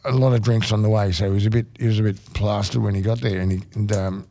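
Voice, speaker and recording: A middle-aged man with an Australian accent, telling rambling stories on air, halting with many restarts and fillers. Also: fairly low pitch, steady tone, vocal fry, mellow, no echo. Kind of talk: casual storytelling on radio.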